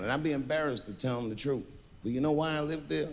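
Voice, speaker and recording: A man performing stand-up comedy, telling stories with animated delivery and acting out voices. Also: a little high, fast talker, slight background noise. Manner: animated storytelling, acts out voices. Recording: stand-up special in a large hall with audience.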